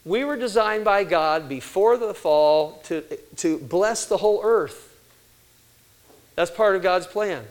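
Older guy giving a sermon, kinda high voice, acts out the quotes in his stories. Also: slow, poor audio. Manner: animated storytelling with quoted voices. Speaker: preacher.

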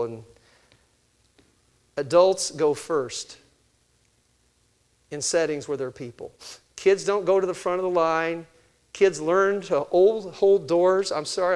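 An older man giving a sermon-style talk on parenting, animated, asking his listeners questions and answering them himself. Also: on the high side. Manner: animated, acts out family conversations. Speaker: parenting speaker.

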